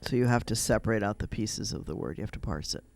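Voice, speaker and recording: A man's voice: lowish voice, lively intonation, quick pace, vocal fry, a little mellow. A man with a Midwestern American accent, chatting casually on a radio show and rambling through personal stories. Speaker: rabbi, radio guest.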